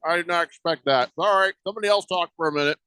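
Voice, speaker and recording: Bright-voiced joking radio host, a man. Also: fairly high pitch, very fast, clean tone. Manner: joking, reads listener texts aloud. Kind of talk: casual on-air banter. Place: radio studio. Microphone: studio microphone.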